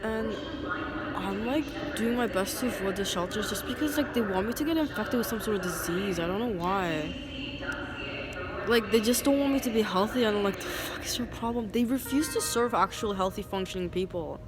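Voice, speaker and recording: A woman's voice: medium pitch, brisk, loud music behind the voice. A woman rambling in a casual monologue, filling her talk with "like". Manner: rambling, many "like" fillers. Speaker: vlogger. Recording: noisy street ambience.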